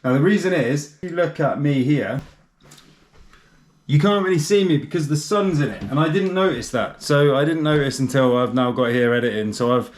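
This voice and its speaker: A man's voice: a little high, lively intonation, moderate pace. A man hosting a casual car vlog, chatty and chummy with rambling asides. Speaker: channel host.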